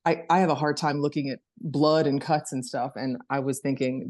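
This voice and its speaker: A middle-aged woman on a video call, telling a personal story in an animated way and acting out her child's words. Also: moderate pace. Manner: animated storytelling, acts out her daughter in a high voice. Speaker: interview participant.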